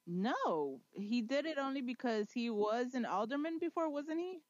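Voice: high voice, sing-song, normal speed, no echo. A teasing co-host trades jabs and jokes in a casual podcast chat, laughing often between lines. The recording is dry and a little dull.

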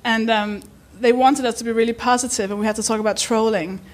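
A woman's voice: on the high side, steady tone, fast talker, slight background noise. A woman hosting a live podcast before an audience, chatting, giggling and swearing as she mocks herself. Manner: giggly, swearing, self-mocking. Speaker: podcast host.

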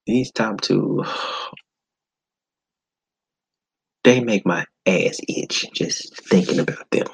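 Podcast guy w a husky low voice, dry close sound, blunt and cussing a lot. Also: extremely slow, pauses often, dry recording, low-quality recording. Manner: animated, blunt, swears often. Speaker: podcast host. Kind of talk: casual movie-review monologue.

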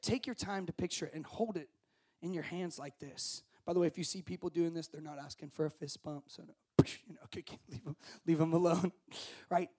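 A man preaching to students at a camp, speaking into a handheld microphone, swinging from shouted passion to hushed, gentle prayer. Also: fairly high pitch, slightly rough. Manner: impassioned, shouting at peaks, then soft and hushed. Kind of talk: sermon to students.

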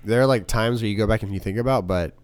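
A young man co-hosts a laid-back podcast, rambling loosely and filling his sentences with "like." His voice is low, and the recording is dry and close with no room sound. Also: fast talker, clean tone, no room sound. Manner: rambling, full of "like" and laughs. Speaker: podcast co-host. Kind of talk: casual chat.

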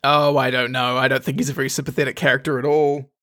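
A man co-hosting a casual film podcast, speaking in a measured, thoughtful way. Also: medium pitch, level tone, sharp tone. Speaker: podcast co-host.

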